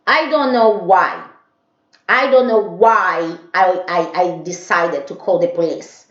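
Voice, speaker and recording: A woman's voice: lowish voice, lively intonation, unhurried. A woman telling a personal story to camera, rambling and repeating herself. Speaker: vlogger. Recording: dull echoey room.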